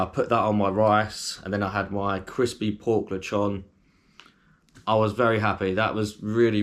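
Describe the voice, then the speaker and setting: A man with a fairly low voice talks easily to his viewers as a food vlogger. He rambles a little, circles back to repeat things and fills his pauses with plenty of ums, keeping an informal, conversational flow. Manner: chatty, rambling, with frequent ums and fillers. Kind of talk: casual food review to camera.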